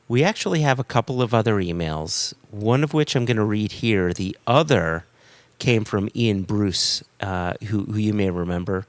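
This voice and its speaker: A man's voice: on the low side, moderate pace, dry recording. A man hosting a casual podcast, reading listener emails aloud, laughing often and trailing off mid-sentence. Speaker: podcast host.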